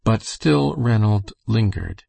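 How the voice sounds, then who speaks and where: A man reading a novel aloud as an audiobook narrator, with steady, unhurried storytelling. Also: fairly low pitch, vocal fry, dry recording. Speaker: audiobook reader. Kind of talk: scripted narration.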